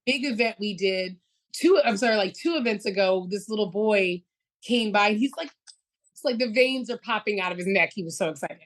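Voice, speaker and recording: A woman at an ordinary middle pitch chats as a guest in an interview. She runs her stories together with plenty of fillers, sounding lively and open. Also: a little fast, poor audio. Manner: lively, storytelling with many "like" and "you know". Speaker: co-founder, guest. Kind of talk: casual interview chat.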